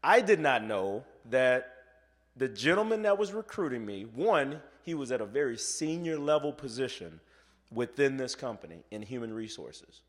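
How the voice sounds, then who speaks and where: A man giving a motivational keynote speech, telling a story and acting out the voices of the people in it, going from soft to loud. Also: mid-range voice, big pitch swings, normal speed, long reverb tail. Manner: acts out quoted voices. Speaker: motivational speaker.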